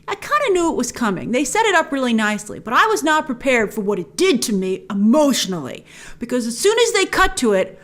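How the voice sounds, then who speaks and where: A young woman talking to camera in a casual film review, chatty and animated, acting out her own reactions in sudden bursts. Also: a little high.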